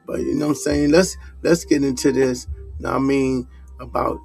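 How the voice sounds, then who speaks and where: A man's voice: mid-range voice, steady tone, normal speed, creaky, darkish tone, slightly rough, no room sound, soft background music. A man with a New York accent, talking loosely in slang and growing heated in a casual commentary vlog. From Harlem, New York. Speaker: vlogger.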